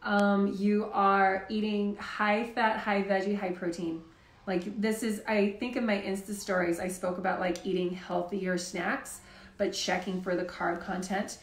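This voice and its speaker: A woman's voice: mid-range voice, level tone, measured pace, echoey room. A woman hosting a live health Q&A, talking in a casual, chatty way with lots of "like". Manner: chatty, says "like" often. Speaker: health show host.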